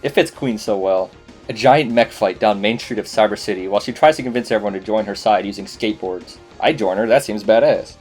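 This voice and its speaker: A man's voice: fairly low pitch, brisk, darkish tone, soft background music. A man narrating a casual game review voice-over, enthusiastic and swearing freely. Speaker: video essay host.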